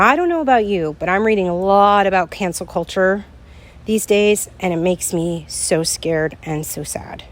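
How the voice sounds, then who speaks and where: A middle-aged woman speaks straight to her podcast listeners, open and confiding. Her talk is earnest and emotional, and it jumps up when her feelings run high. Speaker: podcast host. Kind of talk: heartfelt solo podcast monologue.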